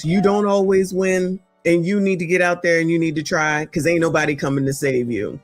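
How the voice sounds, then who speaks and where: A woman in her forties or fifties from the United States, hosting reaction commentary and talking to viewers in a sassy, blunt way. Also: lowish voice. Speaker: commentary channel host.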